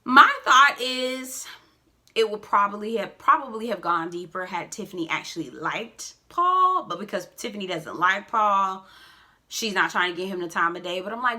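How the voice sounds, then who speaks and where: A woman chats through a casual recap, sassy and expressive, with frequent asides. Her voice is very bright and sharp, and her pitch climbs and dips in a lively way. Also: normal speed. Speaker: reality show recap vlogger.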